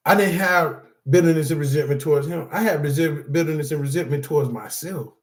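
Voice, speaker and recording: Man, middle-aged, emphatic testimony-style teacher, higher voice, roomy echo. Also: fairly quick. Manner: emphatic, repetitive, addresses audience as y'all. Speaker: anger management teacher. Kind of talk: personal testimony lesson.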